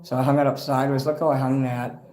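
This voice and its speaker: A man hosts a casual livestream, talking at an ordinary middle pitch. He rambles from one thing to the next and swears freely. He gets excitable as he goes. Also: quick pace. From Chicago. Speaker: livestream host.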